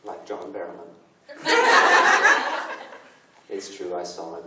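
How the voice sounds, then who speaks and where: A man's voice: lowish voice, sing-song, measured pace, pauses often, a loud crowd. A man in his thirties, a voice actor answering fan questions at a convention panel, self-deprecating and joking. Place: large convention hall. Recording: echoey hall from far off, noisy.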